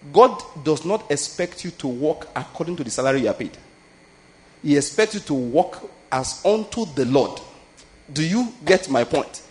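A man, preaching a sermon in a loose, conversational way. His voice sits high for a man and has a husky edge. He keeps asking his listeners whether they follow him and drops into stories along the way. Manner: asks listeners if they get his point, tells anecdotes. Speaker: pastor.

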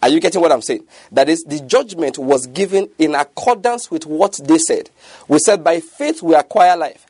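Husky preacher, emphatic. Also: male voice, a little high, animated, normal speed, darkish tone, no room sound. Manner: emphatic, keeps asking if listeners follow. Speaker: pastor. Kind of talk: sermon.

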